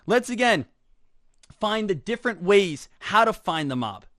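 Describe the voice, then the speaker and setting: A man teaching stock trading in an energetic talk, who keeps asking "right?", leans on the word "again", and acts out imagined students. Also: sits high, no room sound, studio quality. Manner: rhetorical "right?" and repeated "again"; acts out imagined students in quick put-on voices. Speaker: trading instructor.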